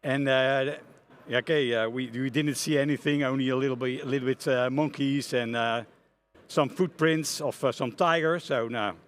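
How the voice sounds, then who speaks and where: A middle-aged man with a Dutch accent gives a conference talk, telling a story in an animated way with many hesitations and restarts. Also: medium pitch, normal speed, clean tone. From Netherlands. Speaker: conference speaker, front-end architect. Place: conference hall stage.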